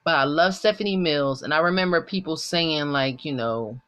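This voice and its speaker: A man's voice: on the high side, moderate pace, a bit bright, clear, resonant tone. A middle-aged man from the Philadelphia area, chatting casually and earnestly while eating, rambling through a story with asides. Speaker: mukbang vlogger.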